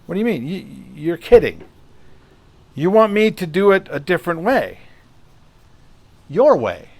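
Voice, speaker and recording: A man's voice: high voice, very animated, measured pace, voice pushed up, exaggerated voice. A man putting on the voice of a haughty, condescending male actor who mocks the engineer with exaggerated emphasis. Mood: sarcastic.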